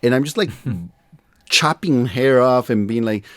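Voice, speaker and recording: A man hosting a podcast, telling animated anecdotes and laughing at himself in casual conversation. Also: mid-range voice, unhurried, clear, resonant tone, no room sound, studio quality. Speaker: podcast host.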